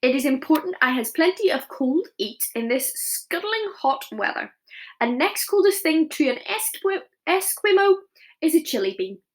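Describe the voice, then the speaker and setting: A woman voicing a huge, greedy, menacing male giant who booms his threats in mangled words. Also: big pitch swings, moderate pace. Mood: gruff. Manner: loud booming threats in giant's mangled talk.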